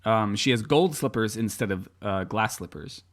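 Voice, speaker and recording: A man's voice: lowish voice, normal speed. Playful rambling man podcast co-host. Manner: rambling, playful, stumbling restarts. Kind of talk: casual chat. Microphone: table microphone.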